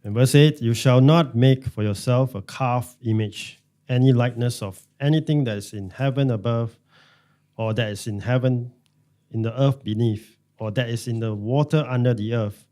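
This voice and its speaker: A man reading scripture aloud in a measured, careful way for a Bible class. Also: medium pitch, warm tone.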